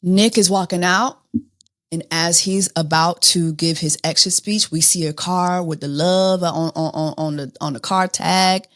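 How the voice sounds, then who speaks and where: A woman's voice: lowish voice, fairly even intonation, unhurried. A woman hosting a casual review of a reality show episode, dramatic and playful, often repeating phrases for comic effect. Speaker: reality TV recap host.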